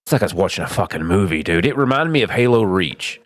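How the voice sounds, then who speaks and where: Lively low-voiced man, enthusiastic. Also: fast, no echo, clean studio sound. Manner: enthusiastic, profane. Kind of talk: casual gaming chat.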